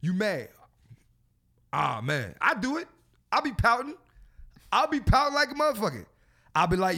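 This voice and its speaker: A man's voice: sits high, sing-song, normal speed, vocal fry, long pauses, sharp tone. A man hosting a casual podcast, talking in a profane, preachy and joking way. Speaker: podcast host.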